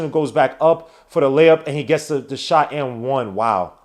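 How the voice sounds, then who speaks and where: A man hosting a live watch-along podcast, calling the basketball game play by play with slangy, excitable talk that breaks into shouts at big plays. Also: fairly high pitch, fairly quick. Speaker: podcast host doing play-by-play.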